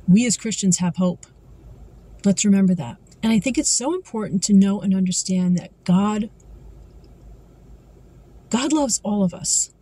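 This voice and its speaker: A woman giving an earnest devotional talk as a Christian vlogger, reading scripture slowly and carefully. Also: medium pitch, mellow, husky, poor audio.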